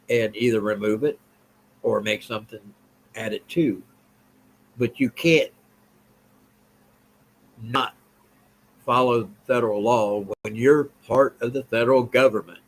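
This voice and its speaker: A man's voice: mid-range voice, poor audio. Blunt sounding man on a live stream. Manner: blunt, repetitive, reads and answers chat. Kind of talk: political commentary live stream.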